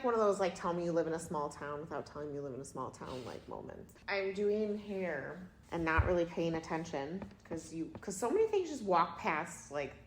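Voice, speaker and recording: A young woman who works as a hairstylist and co-hosts a podcast, chatting in a relaxed, wry way. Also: lowish voice, a little hiss or hum. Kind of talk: casual chat. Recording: roomy echo.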